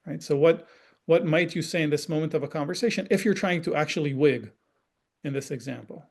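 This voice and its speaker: A man talks parents through examples in a relaxed, explanatory online session. His voice sits a little high and carries a gravelly edge. He keeps checking in with his listeners and slips into quoted dialogue to act out the examples. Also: brisk. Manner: conversational, often checks in with "right?". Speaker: parenting educator and forum guest.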